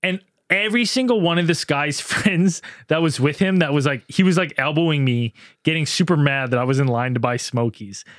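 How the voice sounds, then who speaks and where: A man's voice: on the high side, a little fast, few pauses, fairly bright tone, dry recording, studio quality. A young man telling a rowdy story among friends, acting out the other people's voices and laughing often. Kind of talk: casual podcast banter.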